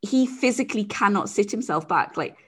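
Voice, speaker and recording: A woman in casual conversation, telling stories with laughter and acting out what others said. Her voice has a light husky edge at a middle pitch. She swears freely and keeps the tone playful. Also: expressive, a little fast, a bit bright. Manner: laughing storyteller, acts out quoted voices, swears. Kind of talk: casual chat.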